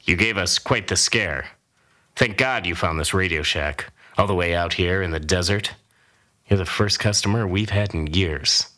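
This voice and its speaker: A man's voice: low-pitched, moderate pace, pushed and bright. A man voicing a polite male shop worker with an Indian accent who speaks earnestly.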